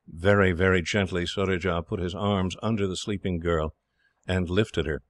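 A man reading an audiobook in steady, measured scripted narration. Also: low-pitched, no echo.

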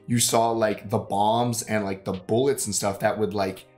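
A man's voice: fairly low pitch, fairly even intonation, moderate pace, darkish tone, faint music behind. Sick-sounding man rambling about a film. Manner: rambling, filler-heavy, swears casually. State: sick, congested voice. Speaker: movie reaction co-host. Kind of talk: casual chat.

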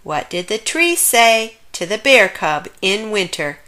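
A woman's voice: mid-range voice, sing-song, a little slow, pushed and bright. A woman voicing an eager, curious little boy bear cub who exclaims a lot and tells riddles in a storybook. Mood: playful.

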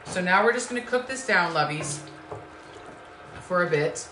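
A woman with a fairly low voice and lively intonation speaks at a moderate pace, hosting a live-stream cooking show in her echoey home kitchen amid background noise. Effusive throughout, she welcomes viewers by name and calls them sweetheart and lovies.

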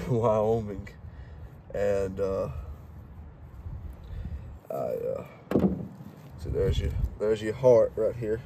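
He's a hunting guide from Mississippi, in his twenties, whose fairly low, darkish voice and thick Southern drawl spill out in folksy, meandering talk packed with fillers. The outdoor recording, made as he cleans a duck near his truck, has faint background noise.

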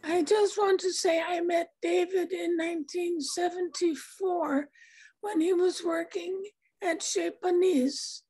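Very high, flat-voiced older woman. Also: slow pace, poor audio. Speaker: participant sharing memories. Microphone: video call microphone.

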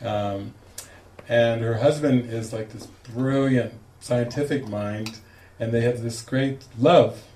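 A man, a spiritual teacher, telling a lively story to a group and acting out the quoted lines with laughter. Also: medium pitch, slow. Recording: echoey room, distant mic, faint noise.

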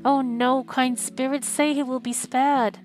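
A woman's voice: a little high, expressive, slow pace, soft background music. A woman reading the lines of an old miserly man who pleads anxiously with a spirit. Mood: pleading.

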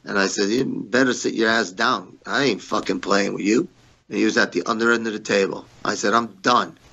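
A man's voice: on the low side, fairly even intonation, brisk, creaky, pushed and bright, dull audio. A middle-aged man, a former pro wrestler, telling blunt, profane backstage stories in a shoot interview, acting out both sides of old arguments.

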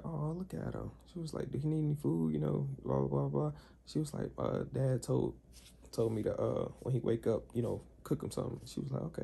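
There's slight background noise as a young vlogger with a gravelly, medium-pitched voice tells a story to camera. It's casual and full of slang, and he acts out the others' lines with animation.

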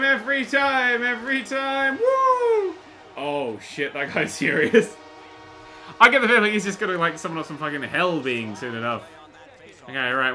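A man commentating on a video game he is playing, excitable and sweary with jokey exclamations. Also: fairly high pitch. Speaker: gaming YouTuber. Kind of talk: let's-play commentary. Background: faint game music.

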